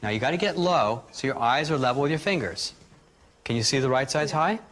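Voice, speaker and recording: A man teaching a live workshop, calmly guiding a group through breathing exercises and demonstrating them aloud. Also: medium pitch, a little fast. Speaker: energy healing teacher.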